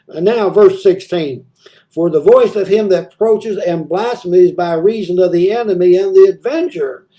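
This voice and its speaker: A preacher leads a midweek Bible devotional, reading scripture aloud and then explaining it conversationally. His voice is high for a man but soft and mellow, and he pauses often, stumbling and repeating words as he thinks aloud.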